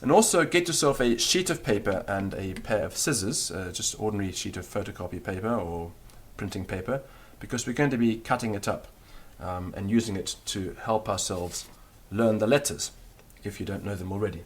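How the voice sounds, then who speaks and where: Guy with a lowish voice teaching a language class on tape, patient, walks you through stuff and says the sounds out loud. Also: a little fast, hardly any pauses, breathy edge. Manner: patient, explanatory, demonstrates sounds aloud. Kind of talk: recorded language lesson.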